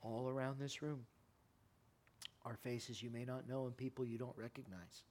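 A man preaching a sermon in a church, impassioned, his voice climbing high and loud, then sinking to a quiet, earnest plea. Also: steady tone, moderate pace. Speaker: pastor. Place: church sanctuary.

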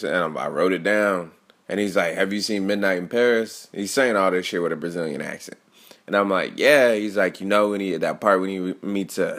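A young man talks alone into his podcast mic in a loose, rambling monologue. His voice sits a little low, and he swears freely and drops slang as he jumps between stories. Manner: rambling, profane, slangy storytelling. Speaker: podcast host. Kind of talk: casual solo podcast monologue.

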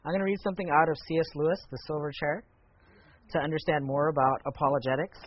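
Male teacher of a church class, fairly high voice, chatty and animated, lo-fi muffled audio. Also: quick pace. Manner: conversational, animated when retelling a story. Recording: muffled lo-fi recording.

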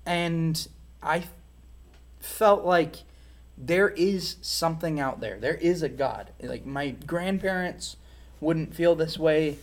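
Male interview guest, fairly high voice, candid and reflective personal testimony. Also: slow. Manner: reflective, frank storytelling.

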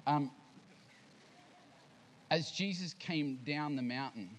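A man's voice: on the high side, slow pace, poor audio. A man preaching a sermon to his congregation, speaking casually and putting questions to the listeners. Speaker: pastor. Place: church service.

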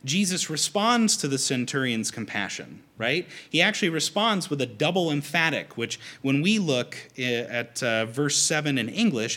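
A man's voice: mid-range voice, moderate pace. Guy giving a sermon, medium voice, talks casual, acts out the quotes. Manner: conversational, animated, acts out quotes. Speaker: pastor.

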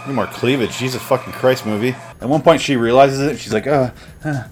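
A young man ranting through a comedic movie review, sarcastic, deadpan and full of swearing. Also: medium pitch, brisk, soft background music, a faint crowd.

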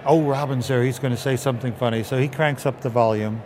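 A man from England recalls stories in an interview, slipping into other people's voices as he tells them. A steady hum of traffic noise sits under his voice. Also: mid-range voice, fast. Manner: animated storyteller acting out quotes. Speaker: puppeteer guest. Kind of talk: interview anecdotes.

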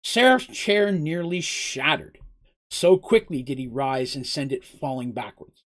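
With a medium pitch and a slightly slow pace, a storyteller reads fantasy fiction aloud. The delivery is expressive, with occasional asides directed at the listeners.

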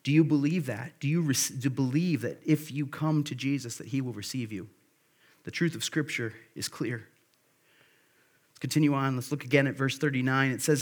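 A man's voice: mid-range voice, moderate pace. A man preaching a sermon at a church service, earnest and conversational, repeating key phrases for emphasis. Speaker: pastor.

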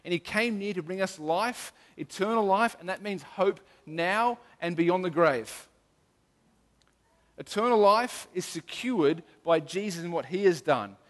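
A man's voice: high voice, animated, measured pace. A middle-aged man preaching an earnest, emphatic sermon as a pastor, often restarting his sentences. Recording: long hall reverb.

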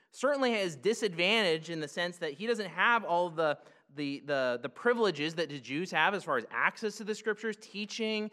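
Bright-voiced man preaching a sermon. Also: on the high side. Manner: conversational, animated teaching with rhetorical asides. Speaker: pastor. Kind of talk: expository sermon.

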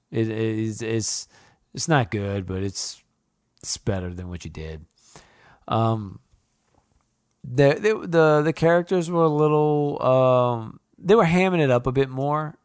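A man's voice: mid-range voice, animated, a little slow, darkish tone, clean tone, dry recording, studio quality. A young man chatting casually as a podcast co-host, rambling, swearing, and laughing as he reviews a movie. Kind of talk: casual chat.

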